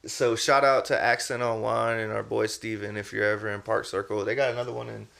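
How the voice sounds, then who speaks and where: A man's voice: lowish voice, level tone, a little fast, vocal fry, a bit bright. Man hosting a laid-back podcast. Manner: loose storytelling, peppered with "you know what I mean" and "man". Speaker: podcast host. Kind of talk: casual interview chat.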